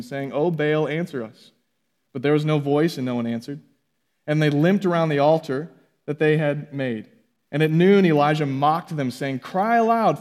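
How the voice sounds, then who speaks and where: A man preaching a sermon, reading scripture aloud with relaxed conversational asides. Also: a little high. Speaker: pastor.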